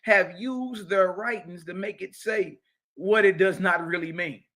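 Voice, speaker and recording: High-pitched and a little slow, his tone sharp, a man teaches scripture as a religious teacher. The lecture runs heated, mocking, and confrontational, peppered with slang asides and repeated key phrases.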